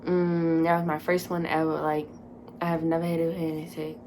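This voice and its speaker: Animated young woman telling a story. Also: sits low, fairly quick, noisy background. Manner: animated, dramatic retelling with many fillers. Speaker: vlogger. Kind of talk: casual storytime.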